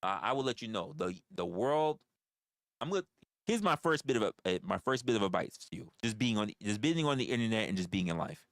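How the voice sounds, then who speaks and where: A man with a lowish voice talks straight to his livestream viewers, blunt and profane. He keeps restarting phrases in stammering bursts, and his pitch swings widely as he goes. The sound is dry and close. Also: sing-song, fairly quick, a bit bright, no room sound. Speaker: livestream host. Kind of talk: casual chat with viewers.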